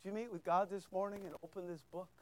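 Older male pastor, high clear voice, emphatic repeats, wide loud-to-soft swings. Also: steady tone, fast. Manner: swings from loud shouting to near-whispers. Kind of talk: sermon.

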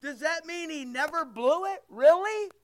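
A man preaching to his congregation. His voice sits very high for a man, and he takes his time, pressing each point home with rhetorical questions. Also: expressive, a little slow. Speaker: pastor. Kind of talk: sermon.

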